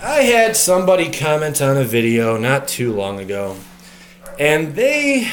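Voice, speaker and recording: Animated man ranting at home. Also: a little high, measured pace. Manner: animated, swears freely, breaks off into joking rants. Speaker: card game video host. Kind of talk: casual card review vlog.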